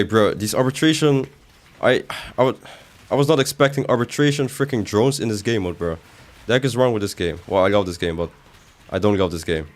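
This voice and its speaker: A young man chatting casually while he streams a video game, joking back at chat, his voice jumping up when he protests. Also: on the low side. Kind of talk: live gaming stream commentary, reading chat.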